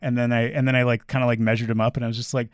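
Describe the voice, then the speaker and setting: A man tells a rambling story in casual chat, his words tumbling out fast. He fills it with "like" and side remarks. The sound is dry and close, with no room echo. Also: mid-range voice, level tone, smooth. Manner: rambling anecdote with lots of "like" and laughs.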